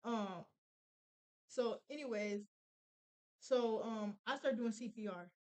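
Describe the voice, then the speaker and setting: A young woman telling a painful personal story, halting with many fillers and restarts. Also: a little high, a little mellow, rough recording. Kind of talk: casual storytelling.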